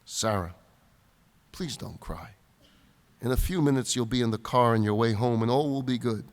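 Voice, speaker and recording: Man doing a calm, soft-spoken young mother. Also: medium pitch, natural voice. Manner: soft, measured, quiet. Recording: reverberant hall.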